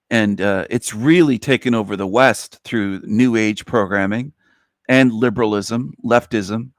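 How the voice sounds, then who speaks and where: A man's voice: mid-range voice, dry recording. Preachy man with a dry sound. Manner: emphatic, preachy, repetitive. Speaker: livestream host. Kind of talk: live-stream monologue.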